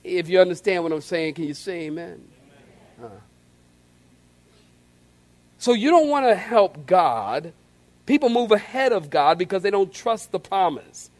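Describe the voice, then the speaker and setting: A man's voice: sits high, unhurried, long pauses. A male pastor delivering a sermon, acting out scenes and calling on the congregation to respond. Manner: animated preaching, acts out scenes with call-and-response.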